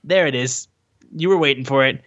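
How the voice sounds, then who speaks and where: Man, podcast co-host, excitable, casual chat, dull lo-fi sound. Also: mid-range voice, normal speed. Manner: excitable, swears, fills with "like" and "uh". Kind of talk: casual chat recapping a wrestling show.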